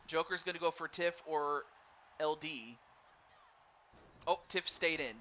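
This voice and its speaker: A man doing live play-by-play commentary on a wrestling game for a stream, excitable and stumbling over his words while chatting with viewers. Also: a little high, measured pace. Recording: dull lo-fi stream mic with faint noise.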